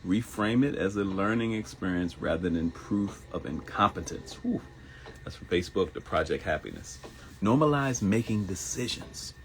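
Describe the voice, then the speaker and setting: A man in his fifties with a low, gravelly voice gives a motivational talk on his live morning show. His delivery is animated, rising and falling as he repeats phrases for emphasis. A faint hum of ambience sits behind him. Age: 50s. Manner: preachy, repeats phrases, jumps into high mock voices for quotes. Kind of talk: motivational live-stream monologue.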